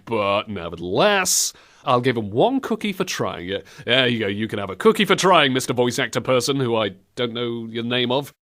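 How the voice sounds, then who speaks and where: A man hosting comedic video game commentary, animated, giggly and mocking. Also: mid-range voice, moderate pace. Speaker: host.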